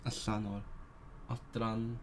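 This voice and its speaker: A man's voice: fairly low pitch, little pitch movement, slow pace, a little hiss or hum. A man live-streaming his language study, thinking aloud and sounding out words, correcting himself as he goes. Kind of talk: casual live stream talk.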